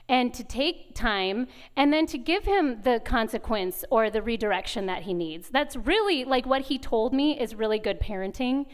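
A woman gives a conversational devotional talk at a retreat chapel, her voice high and strikingly clear. She tells stories with animation and candour, slipping into the voices of the people in them. Her delivery stays chatty and open rather than formal. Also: normal speed, few pauses. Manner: animated storytelling, acts out dialogue; laughs often, candid and confessional. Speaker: women's retreat speaker.

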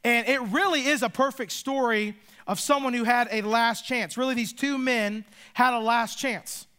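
A man preaching a sermon as pastor, earnest and emphatic, with dramatic pauses. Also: very high voice, steady tone, sharp tone, clear, resonant tone.

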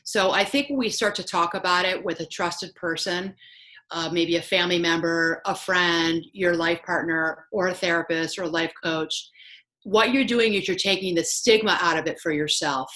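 A woman's voice: on the low side, steady tone, normal speed, sharp tone, low-quality recording. A woman guest in a conversation, explaining and reassuring as she gives advice.

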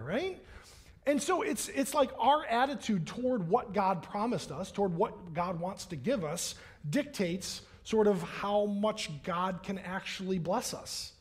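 A man's voice: sits high, animated, measured pace. A man preaching a sermon as a pastor in a church, in a conversational way that keeps checking in with "right?" and acts out the voices he quotes.

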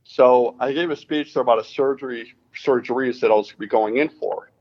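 A man's voice: mid-range voice, fairly quick. Storytelling man, dull lo-fi sound. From Connecticut. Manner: animated retelling, acts out quoted dialogue. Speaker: guest, racing driver. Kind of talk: casual interview storytelling.

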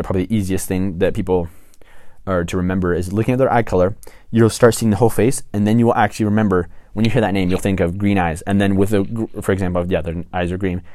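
A young man with a lowish voice talks through advice in a loose, rambling way. He corrects himself often and keeps checking in with the listener. The sound is dry and close. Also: a little mellow, no room sound. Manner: rambling, self-correcting, frequent "right?" and "okay?" asides. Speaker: tips video presenter. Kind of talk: casual explainer monologue.

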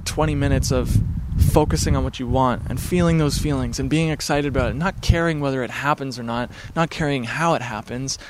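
There's a bit of background noise as this man, mid-range in pitch, vlogs casually to camera from his home by the backyard. His rambling is earnest and easygoing with a spiritual bent, and fillers crop up often.

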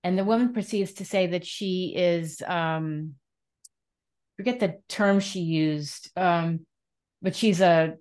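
A woman hosting an interview, telling stories in an animated, supportive way. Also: lowish voice, takes it slowly. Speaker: host. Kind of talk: conversational interview.

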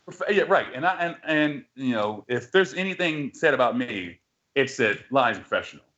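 A man's voice: medium pitch, lively intonation, normal speed, fairly bright tone. Podcast co-host, male, rambling profane storyteller, slightly muffled lo-fi sound. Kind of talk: casual sports chat.

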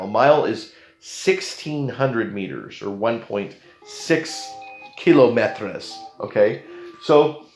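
A young Canadian man telling a story in a casual, animated way, jumping into the voices of the people in it. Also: mid-range voice, roomy sound.

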